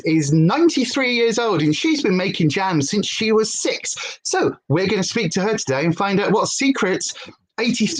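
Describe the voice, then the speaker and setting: A woman's voice: medium pitch, poor audio. A British woman hosting a casual livestream from home, chatty and prone to tangents, a former TV presenter telling stories. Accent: British English. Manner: chatty, wanders off on tangents, lively storyteller. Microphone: headphones with desk setup.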